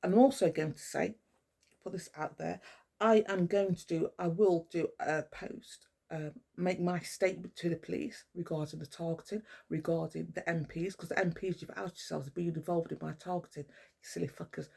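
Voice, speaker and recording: Gravelly, husky woman vlogging. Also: lowish voice, steady tone, normal speed, a little mellow. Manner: blunt, swearing, restless. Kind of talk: rambling monologue to camera. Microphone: camera mic.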